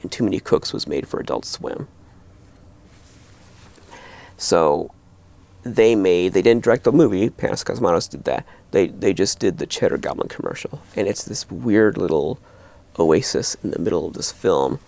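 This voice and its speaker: A middle-aged man hosting a horror video, talking casually to camera in a rambling, animated way with lots of restarts. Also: sits low, normal speed, gravelly.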